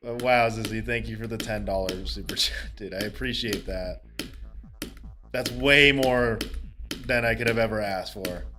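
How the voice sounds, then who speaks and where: Bright-voiced excitable male game streamer. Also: lowish voice, normal speed, soft background music. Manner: excitable, laughs often, swears casually. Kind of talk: casual live-stream chat while gaming.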